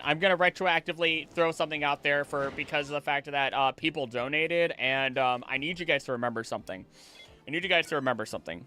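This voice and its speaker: A man's voice: fairly high pitch, fast, faint music behind. A man who streams and does voice acting, chatting casually with his viewers and reading their comments aloud in a jokey way. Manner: animated, jokey, reads chat aloud. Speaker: streamer and voice actor. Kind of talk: casual livestream chat.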